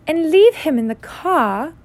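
A woman voicing a shrill, fussy middle-aged aunt who talks in a high, strained, frantic way. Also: sing-song, a little slow, darkish tone, no echo, full character voice.

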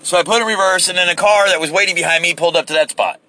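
A man telling a rambling, profane story in a casual, animated way, seated inside a vehicle. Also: high-pitched, rapid-fire.

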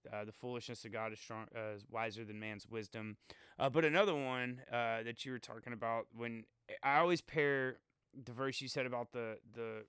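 A man musing reflectively in a casual faith conversation, halting and full of fillers. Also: medium pitch, fairly even intonation, fairly bright tone, smooth, no echo.

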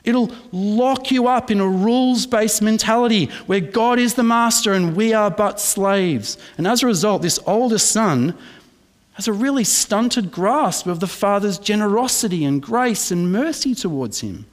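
A man's voice: sits high, animated, measured pace, in a large hall. A man with an Australian accent preaching an emphatic sermon as pastor, asking the congregation questions.

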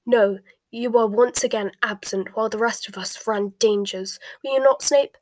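A woman reading a scornful, fanatically loyal dark witch aloud in a whispered storybook voice, sneering and quick to flare. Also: mid-range voice, steady tone, slightly rough, close to an everyday voice.

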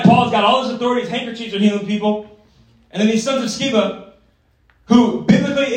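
High-voiced preacher in an echoing hall. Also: male voice. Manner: energetic, conversational, tag questions. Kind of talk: sermon. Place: church gathering hall. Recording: echoey hall from far off.

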